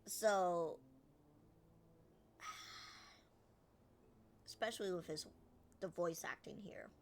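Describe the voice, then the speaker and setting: A woman's voice: lowish voice, a bit bright. A woman streamer commenting on a game, chatty and acting out lines herself. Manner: chatty, critiques and re-reads lines.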